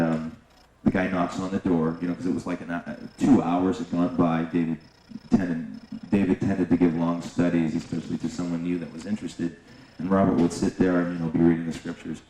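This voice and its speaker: Low-voiced man telling a story. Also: warm tone. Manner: unhurried, conversational, acts out others' lines. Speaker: eyewitness recounting events. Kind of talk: personal storytelling. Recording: roomy echo with faint noise.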